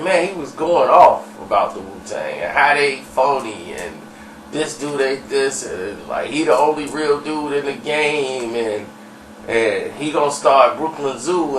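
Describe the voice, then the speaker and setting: A man's voice: mid-range voice, lively intonation, unhurried, a little hiss or hum. A man telling a story in a loose, slangy, rambling way. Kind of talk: casual storytelling. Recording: roomy, distant mic, faint ambience.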